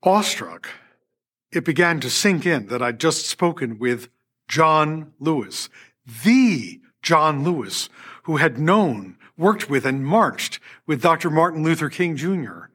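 A man's voice: a little high, lively intonation, measured pace, fairly bright tone, husky. An older man hosting a podcast, narrating a personal story from a script and acting out quoted dialogue with little laughs. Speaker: podcast host and orchestra conductor.

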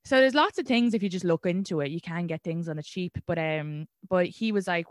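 A young adult woman with an Irish accent, a guest and comedian, talking candidly in a casual conversation with animated storytelling. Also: on the low side, moderate pace, hardly any pauses, no echo, clean studio sound. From Ireland.

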